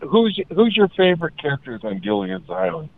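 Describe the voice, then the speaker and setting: Male radio caller, gravelly, hesitant, heard over a dry tinny phone line. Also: high-pitched, very animated, brisk, no echo. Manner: hesitant, stammering, friendly. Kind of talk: phone-in chat.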